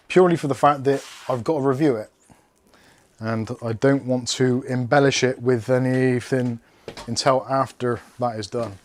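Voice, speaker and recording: A man from England hosting a casual unboxing video, rambling and joking while he chats with his household and his viewers. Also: mid-range voice. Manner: rambling, jokey, talks to pets and chat. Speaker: tech video host.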